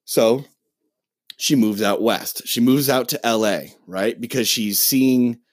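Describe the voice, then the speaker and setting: A man in casual podcast chat, swearing freely as he recaps a film with plenty of animation. His voice sits at an ordinary middle pitch, and the recording is dry and close. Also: slow, no room sound. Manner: profane, animated movie rant. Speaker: podcast co-host.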